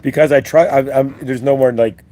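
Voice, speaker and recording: A man's voice: mid-range voice, steady tone, moderate pace, mellow, a little hiss or hum. A man hosting a live-stream spiritual talk, rambling and upbeat as he leads repeat-after-me affirmations. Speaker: host.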